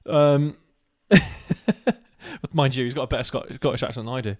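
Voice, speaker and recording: A man's voice: medium pitch, lively intonation, moderate pace. A man with a West Country twang chatting on a live show, laughing often and mocking himself. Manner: laughs a lot, self-mocking, restarts. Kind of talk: casual chat, trying movie-quote accents.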